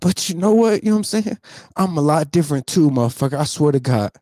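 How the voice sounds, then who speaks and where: A man's voice: fairly high pitch, expressive, fast, dark tone, no echo, studio quality. Emotional profane man in his thirties. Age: 30s. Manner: profane, repetitive, keeps asking "you know what I'm saying". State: tearful, sighing. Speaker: vlogger. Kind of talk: emotional unscripted rant to camera.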